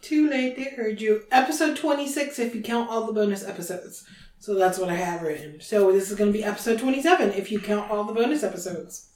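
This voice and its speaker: A woman's voice: medium pitch, a little fast, a little mellow, reverberant, a little hiss or hum, rough recording. A woman co-hosting a podcast in casual, teasing chat that is often broken up by laughter. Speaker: podcast co-host.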